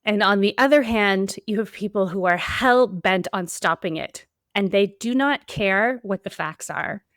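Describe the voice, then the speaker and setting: A woman's voice: mid-range voice, measured pace, fairly bright tone, no room sound, clean studio sound. A woman hosting a solo podcast, talking in an earnest, emphatic way with repeated build-ups. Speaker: podcast host.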